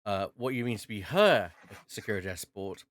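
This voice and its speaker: A man's voice: fairly low pitch, expressive, moderate pace, no room sound, clean studio sound. Rambling man running a tabletop game. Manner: rambling, with many fillers and restarts. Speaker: game master.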